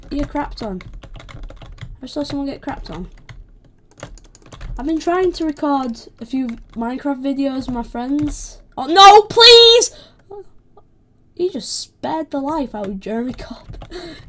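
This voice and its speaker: A woman with a British accent giving casual gameplay commentary, excitable, yelping when attacked and trash-talking playfully. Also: high-pitched, slight background noise. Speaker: gaming video creator.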